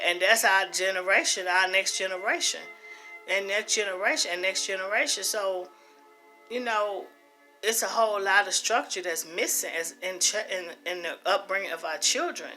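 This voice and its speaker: A woman's voice: medium pitch, moderate pace, bright, forceful tone, soft background music. A middle-aged woman talking earnestly and emphatically about her own life, repeating phrases for stress. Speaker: host. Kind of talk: personal testimony talk.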